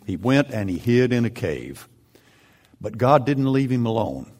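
A man preaching a sermon, building into loud, emphatic peaks as he retells and presses his points. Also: medium pitch, big pitch swings, unhurried.

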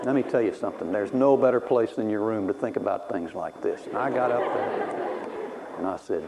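A Texan man with a lowish voice preaches a sermon briskly through personal stories, wry and self-mocking, laughing at himself as he goes, with background noise in the recording.

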